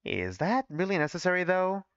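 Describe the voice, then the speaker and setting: A man's voice: high-pitched, very animated, moderate pace, fairly bright tone, smooth, no room sound, voice pushed up, heavily acted. A man reading the lines of a blunt, provocative student from his own fan fiction in his plain reading voice, on dull, dry audio.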